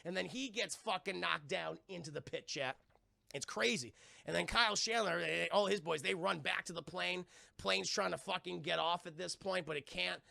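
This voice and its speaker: A man giving an excitable, profane live-stream film review, talking straight to his chat and acting out scenes. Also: sits high, moderate pace, gravelly, no room sound, clean studio sound.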